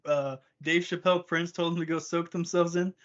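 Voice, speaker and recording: Laughing storyteller man, slightly higher voice. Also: fairly even intonation, moderate pace, muffled recording. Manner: rambling anecdotal storyteller, laughs often. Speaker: podcast co-host. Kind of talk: casual chat.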